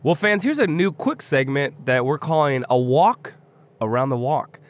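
A man's voice: mid-range voice, animated, moderate pace, a little hiss or hum. A man co-hosting a casual show, joking and laughing as he introduces segments and chats with fans. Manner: joking, upbeat, laughs often. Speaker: podcast co-host. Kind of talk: casual chat and fan interviews.

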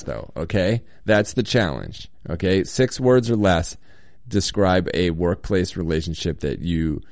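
A man with a deep, low voice chats casually through listener comments while sitting in a hotel room. He has a slight cold and talks in a halting, rambling way, full of ums and soft chuckles. The sound is dry and close, with no room echo. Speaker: podcast host reading listener comments. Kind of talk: casual solo chat.

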